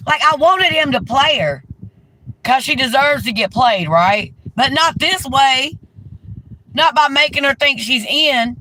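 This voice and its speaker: A woman with a strikingly high, sharp-edged voice vents her anger in a profane, heated rant on a live stream. She talks into a phone held in her hand inside a car, with a faint hum of noise behind her. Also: expressive, a little slow, low-quality recording. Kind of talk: ranting live-stream commentary. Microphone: handheld phone.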